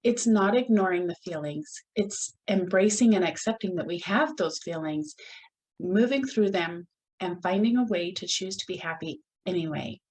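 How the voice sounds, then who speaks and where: A woman hosting her own podcast, talking in an earnest, reflective way with pauses and restarts. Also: lowish voice, a little mellow, low-quality recording. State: gets emotional at moments. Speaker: podcast host. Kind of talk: solo podcast talk.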